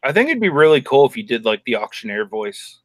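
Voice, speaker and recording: A man's voice: mid-range voice, big pitch swings, fast, vocal fry, no echo. A man joining a casual live stream as a guest, friendly and polite.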